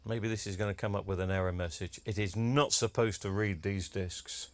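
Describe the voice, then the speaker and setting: A man's voice: on the low side, steady tone, moderate pace, dry recording. A man talking casually while demonstrating electronics, chatty with cheeky asides. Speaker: electronics repair video maker. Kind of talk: casual demo talk to camera.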